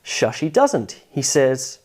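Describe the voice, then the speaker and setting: A woman teaches English pronunciation in a video lesson, speaking clearly and with emphasis. Her voice is low but very lively in pitch. She leans into example words to show where the stress falls. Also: takes it slowly.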